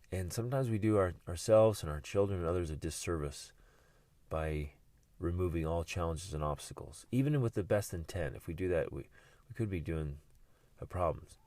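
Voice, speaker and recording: A man with a fairly low voice hosts a motivational podcast and talks earnestly about hard times. He often repeats a word or two as he starts a thought. The sound is close and dry, with no room echo. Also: a little mellow. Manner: earnest, repeats words when starting phrases. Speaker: podcast host.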